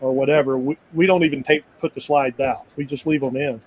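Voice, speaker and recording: A man's voice: medium pitch, steady tone, fairly quick, slight background noise, poor audio. A man in a casual live chat, telling travel stories in a rambling, easygoing way with frequent restarts. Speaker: full-time RVer guest.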